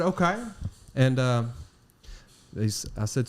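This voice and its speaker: Casual podcast host, man, middle pitch, loose rambling storyteller. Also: a little slow, long pauses. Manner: rambling, animated anecdote with laughs.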